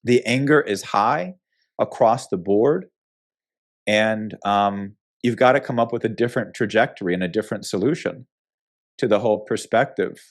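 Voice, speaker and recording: A man's voice: lowish voice, moderate pace. An American man speaking as a guest in a political interview, opinionated and emphatic, with many restarts. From United States.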